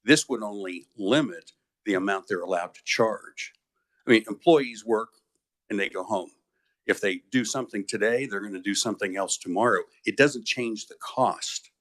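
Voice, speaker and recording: A man's voice: on the low side, normal speed, a bit bright. A man testifying before a committee, arguing his point with some hesitations. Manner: argumentative, explaining with hesitations. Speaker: witness testifying.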